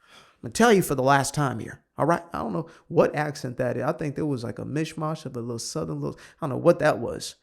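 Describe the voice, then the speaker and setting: A man's voice: medium pitch, creaky. A man reading an article aloud and commenting on it with sarcastic asides. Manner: sarcastic asides, quick offhand remarks. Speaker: online commentator.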